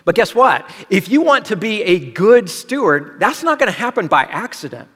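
A man's voice: high-pitched, very animated, normal speed, a bit bright, husky. Pastor guy preaching, kinda chatty, throws questions at people, big reverby hall. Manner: conversational preaching with rhetorical questions. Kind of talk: sermon.

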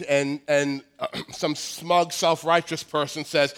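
A man's voice: on the high side, steady tone, normal speed, few pauses, fairly bright tone. A nasal man in his forties with a Long Island accent, preaching a joking, self-deprecating sermon with lots of restarts. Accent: Long Island New York. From Long Island, New York. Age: 40s. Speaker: pastor.

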